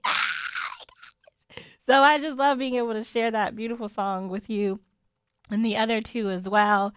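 A woman's voice: on the high side, fairly even intonation, moderate pace, pauses often, a bit bright, clean tone, no room sound, clean studio sound. A woman hosting a devotional podcast, giving a casual, upbeat, encouraging talk with playful asides. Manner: chatty, upbeat, playful asides and mock voices.

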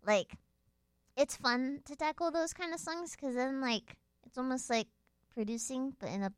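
A woman's voice: high voice, normal speed, smooth, dry recording, studio quality. A woman in casual chat, rambling with many fillers and laughing often. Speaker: guest dancer.

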